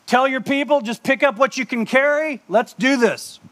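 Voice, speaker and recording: A man's voice: very high voice, normal speed, a bit bright, pitched above the performer's own voice. A man voicing Moses as an eager leader who talks like a buddy, casual and slangy. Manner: casual slangy pep talk.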